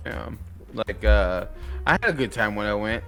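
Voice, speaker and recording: A man's voice: on the low side, lively intonation, normal speed, vocal fry, fairly bright tone, faint music behind. Easygoing man in casual podcast chat. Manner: easygoing, brief reactions. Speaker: podcast co-host.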